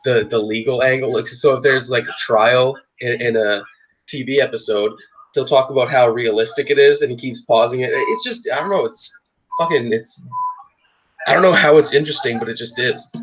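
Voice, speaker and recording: A man's voice: medium pitch, moderate pace, dull audio, slight background noise. A man co-hosting a casual podcast chat, laid-back, laughing often and swearing freely. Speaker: podcast co-host.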